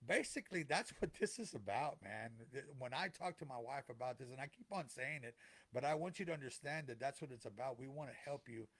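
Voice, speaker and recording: A man's voice: mid-range voice, expressive, brisk, a bit bright. A middle-aged man talking earnestly to listeners as a podcast co-host, repeating phrases for emphasis in a heartfelt motivational way.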